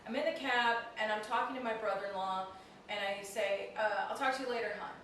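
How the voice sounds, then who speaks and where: A woman in her thirties, a comedian, telling a story in a casual interview, animated and self-mocking, often laughing as she talks. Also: mid-range voice, brisk, a little hiss or hum. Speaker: comedian guest. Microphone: handheld flip video camera. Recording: echoey room from a distant camera mic.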